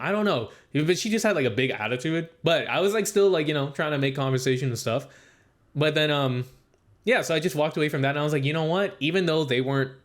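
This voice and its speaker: A young man with a slightly raised voice tells a meandering story on a casual podcast. He leans on "like" constantly and slips into other people's lines when he quotes them. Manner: rambling storytelling, heavy use of "like"; acts out quoted speech with raised pitch. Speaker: podcast co-host. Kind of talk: casual chat.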